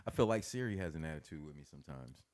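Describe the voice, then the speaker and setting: A man's voice: rumbling low, expressive, rapid-fire, a little mellow, no echo, studio quality. A man from the Midwest chatting casually on a podcast, laid-back, laughing often and swearing freely. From American Midwest. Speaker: podcast guest. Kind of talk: casual chat.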